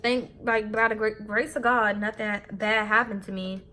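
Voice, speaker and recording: A young woman in her twenties telling a candid, animated story about her own mistake while getting ready, swearing casually. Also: medium pitch, moderate pace, a little hiss or hum. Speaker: beauty vlogger.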